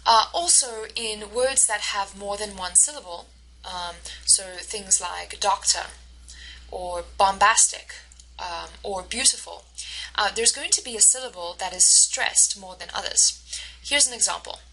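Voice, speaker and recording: A woman instructor giving a recorded lecture over slides, explaining patiently and slowing down to model the stressed words. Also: medium pitch, pushed and bright, rough recording. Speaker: university instructor.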